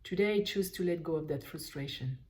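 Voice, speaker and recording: A woman leading a guided tapping session, slowly voicing frustration in short repeated phrases while naming tapping points. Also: sits low, darkish tone. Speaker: EFT tapping coach.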